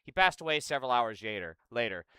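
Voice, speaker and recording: A young American man serves as a political commentator, doing casual reaction commentary in which he reads news aloud and rants with profane sarcasm. His medium-pitched voice is bright and forceful, animated and quick. The sound is smooth with no echo.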